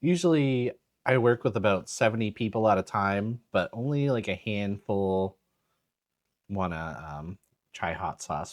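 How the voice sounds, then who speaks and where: A man's voice: lowish voice, lively intonation, unhurried, dry recording, studio quality. A man hosting a podcast, chatting casually and laid-back, saying "dude" often. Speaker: podcast host. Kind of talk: casual chat.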